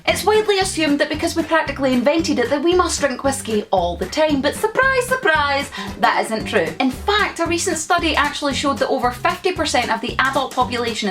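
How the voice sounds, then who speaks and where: A woman's voice: sits high, fairly bright tone. A Scottish woman in her twenties, vlogging in a sarcastic, exasperated, emphatic way. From Scotland. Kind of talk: casual ranting vlog.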